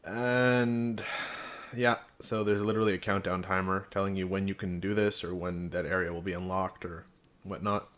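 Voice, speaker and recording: A man's voice: deep voice, fairly even intonation, moderate pace, a bit bright. A man giving a casual, frank video game review, with sarcastic asides and dry jokes.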